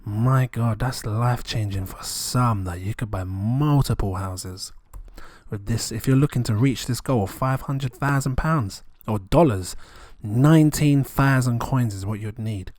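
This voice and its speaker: A man, rambling excitedly and chuckling often as he talks through numbers in a casual vlog. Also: medium pitch, measured pace, dry recording, clean studio sound. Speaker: crypto vlogger.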